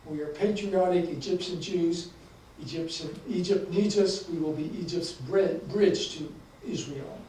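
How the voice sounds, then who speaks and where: A man's voice: fairly high pitch, measured pace, warm tone, heavy reverb, far from the mic, a little hiss or hum, natural voice, rough recording. A man voicing a nervous young man who stumbles over his words. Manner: hesitant, stumbles.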